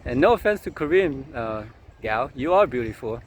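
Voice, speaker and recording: A man's voice: medium pitch, big pitch swings, normal speed, a little hiss or hum. A man telling a long, meandering personal story outdoors as a vlogger, chuckling now and then and leaning on fillers. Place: outdoors at sunset.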